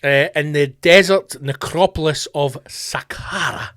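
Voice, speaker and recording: A middle-aged man with a Scottish accent, hosting his own podcast in a profane comedic rant, sweary and animated. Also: a little high, slow pace, dry recording, studio quality. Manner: sweary, animated, slips into mock voices. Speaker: podcast host.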